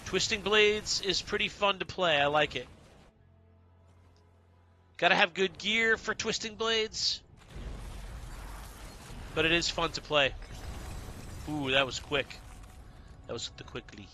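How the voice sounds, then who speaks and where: A man's voice: sits high, lively intonation, slow pace, long pauses, sharp tone, a little hiss or hum. A man streaming a video game, chatting casually and greeting viewers by name. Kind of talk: casual livestream chat while playing.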